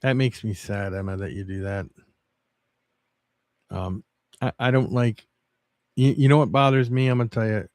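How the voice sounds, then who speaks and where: A man livestreaming, chatting casually with viewers in a rambling, halting way with many restarts. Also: lowish voice, steady tone, a little mellow, no room sound.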